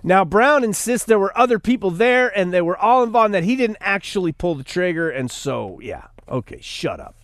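Fiery high-pitched male commentator. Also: big pitch swings, moderate pace, hardly any pauses, fairly bright tone, dry recording, clean studio sound. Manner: sarcastic, preachy, rising to fiery outbursts. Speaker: radio host. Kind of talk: opinionated news commentary.

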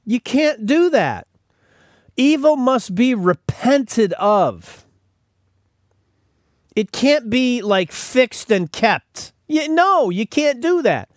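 Male podcast host, lively swooping delivery, emphatic, restarts his sentences. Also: very high voice, extremely slow, dry recording, studio quality. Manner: emphatic, repeats words when starting sentences. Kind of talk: opinionated commentary.

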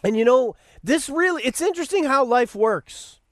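Male podcast host, high animated voice, mocking rambling delivery. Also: moderate pace, no room sound, studio quality. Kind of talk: sarcastic political commentary.

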